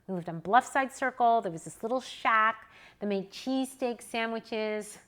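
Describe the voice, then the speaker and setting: A woman in her forties, a newborn photographer and educator, telling animated personal stories to an audience in a casual way. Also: fairly high pitch, normal speed. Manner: animated, chatty, personal anecdotes. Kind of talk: casual storytelling to a live audience.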